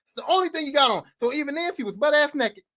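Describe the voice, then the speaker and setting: A man hosting a podcast, going on a profane, animated comedic rant and talking straight at the character he mocks. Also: extremely high pitch, fast. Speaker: podcast host. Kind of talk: comedic rant about horror movies.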